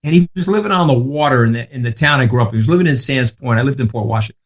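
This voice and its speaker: A man's voice: mid-range voice, racing. A man in his sixties with a Long Island accent, telling stories as a podcast guest in a brash, emphatic way and swearing freely. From Long Island, New York. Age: 60s. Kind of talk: casual podcast chat.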